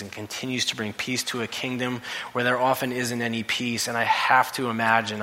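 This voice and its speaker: A man preaching a sermon, telling stories and rising to loud, emphatic quotes. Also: lowish voice, slight background noise. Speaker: pastor. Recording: long reverb of a hall.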